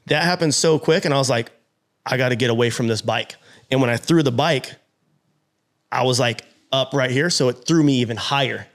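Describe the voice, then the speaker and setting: A man guest on a podcast, telling a story in an animated way and acting out his own past lines with plenty of swearing. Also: medium pitch, brisk. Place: podcast studio.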